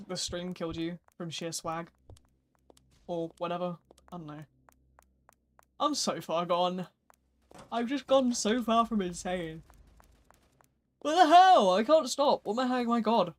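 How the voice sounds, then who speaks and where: Sleepy, yawning slangy game streamer. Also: medium pitch. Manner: slangy, rambling, self-mocking. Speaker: gaming livestreamer. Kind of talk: casual livestream chat while playing.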